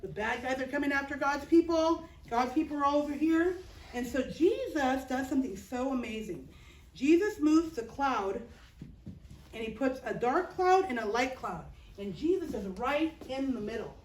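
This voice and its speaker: A woman teaching children, telling a Bible story in a lively, playful and expressive way. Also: high-pitched, normal speed. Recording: roomy, distant mic.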